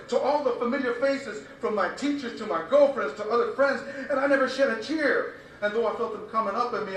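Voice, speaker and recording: A man's voice: high voice, fairly bright tone, recorded from a distance, a little hiss or hum. A man performing a spoken-word poem with an impassioned, rhythmic, repetitive cadence. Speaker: poet. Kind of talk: spoken-word poetry recitation. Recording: very echoey room, voice from afar.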